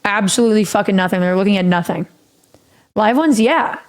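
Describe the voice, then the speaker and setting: A woman's voice: medium pitch, fairly quick. A woman streamer telling a rambling story in a casual, profane way, often laughing.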